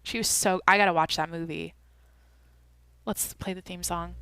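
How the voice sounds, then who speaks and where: A woman's voice: on the low side, steady tone, normal speed, sharp tone, clear, resonant tone, dry recording. A young woman hosting a solo podcast, chatting casually and rambling as she thinks aloud and swears often. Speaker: podcast host.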